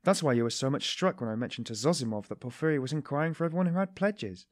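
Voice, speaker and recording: A man reading an audiobook, voicing an excitable young male friend who bursts out high and loud. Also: fast talker, no room sound, clean studio sound, close to an everyday voice. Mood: excited.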